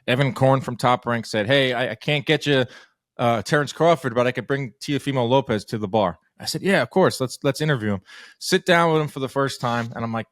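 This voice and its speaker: A male podcast host talking boxing at a brisk pace, telling stories and acting out quotes in a mid-pitched voice. The room sounds dry, with the mic close. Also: dry recording. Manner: fast, storytelling, acts out quotes. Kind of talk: casual podcast chat.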